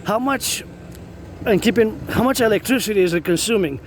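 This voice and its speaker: A man rambles as he walks, circling back over the same phrases while he thinks aloud. His voice sits a little high for a man. Loud city street noise and passing traffic surround his phone mic. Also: expressive, brisk. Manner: rambling, repetitive, thinks aloud, chants cadences. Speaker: vlogger. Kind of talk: rambling walking vlog.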